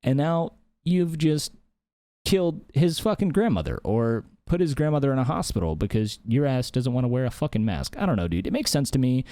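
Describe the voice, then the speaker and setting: A man's voice: mid-range voice, lively intonation, brisk, mellow, no room sound, studio quality. A man hosting his own podcast from a home office, rambling heatedly and swearing a lot. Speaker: podcast host. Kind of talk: casual solo podcast rant.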